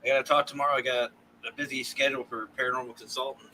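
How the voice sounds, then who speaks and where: A man, a paranormal consultant guest, telling animated stories in casual podcast chat and laughing often. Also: mid-range voice, rapid-fire, slight background noise, rough recording.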